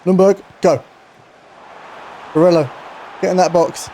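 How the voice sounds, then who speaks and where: An excitable young man calls a football game as he plays, his voice sitting a touch high. The tone is mellow and soft, with a faint hum of noise behind him. He jumps from loud cheers to quiet mumbling. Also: a little slow, long pauses. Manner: excitable, swings from shouting to muttering. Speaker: gaming YouTuber. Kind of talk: excited live game commentary.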